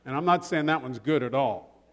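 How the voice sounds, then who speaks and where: A man's voice: mid-range voice, normal speed. An older man preaching a sermon as pastor, telling humorous stories and joking with his congregation. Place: church sanctuary. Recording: long church reverb.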